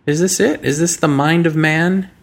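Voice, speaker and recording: A man hosting a show, talking through ideas in a musing monologue full of rhetorical questions and slow, deliberate phrasing. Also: on the high side, steady tone, gravelly. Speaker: podcast host. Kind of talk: reflective monologue.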